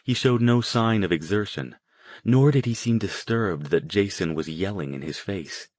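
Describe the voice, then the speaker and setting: Deep-voiced male audiobook narrator. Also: moderate pace, a little mellow, dry recording. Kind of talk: scripted narration.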